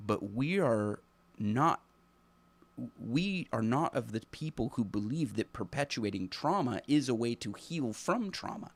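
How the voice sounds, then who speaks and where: A man hosting a live stream, talking through his views in an earnest, halting way, with many fillers and restarts as he thinks aloud. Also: on the low side, creaky. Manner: earnest, reflective. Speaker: teacher. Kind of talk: unscripted live stream commentary.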